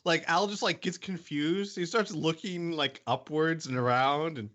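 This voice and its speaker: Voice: medium pitch, unhurried, fairly bright tone. A player in a tabletop game, laid-back and laughing between lines.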